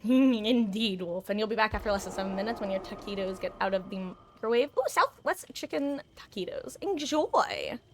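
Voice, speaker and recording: A woman streamer chats in a loose, rambling way while she plays, her voice sitting at an ordinary middle pitch. She talks from a home setup into a desk microphone, with a faint hum of room ambience behind her. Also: fast, few pauses. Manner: chatty, rambling, animated with sudden shrieks. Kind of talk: casual live-stream chat while gaming.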